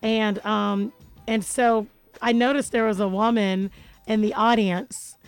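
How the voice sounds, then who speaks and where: A woman's voice: medium pitch, steady tone, takes it slowly, clear, resonant tone, soft background music, low-quality recording. A woman hosting a radio show in a studio, chatting casually and playfully, joking and laughing often.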